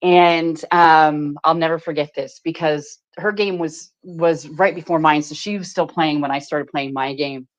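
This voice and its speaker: A woman's voice: low voice, steady tone, a little slow, few pauses. A woman hosting a live stream, telling a story in casual chat with lots of laughing and swearing. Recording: dull lo-fi stream audio.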